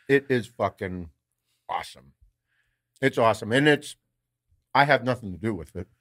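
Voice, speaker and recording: A man's voice: lowish voice, animated, moderate pace, a bit bright. A man co-hosting a podcast, telling a story in casual chat. He swears freely, acts out quoted lines and laughs often. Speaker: podcast co-host.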